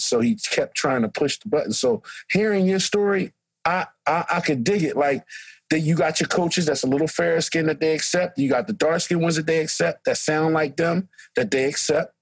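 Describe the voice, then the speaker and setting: A middle-aged man, a coach and co-host telling stories loudly and with animation in a casual podcast chat. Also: on the high side, breathy edge, dry recording, poor audio. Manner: loud, animated storyteller. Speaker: track and football coach, co-host.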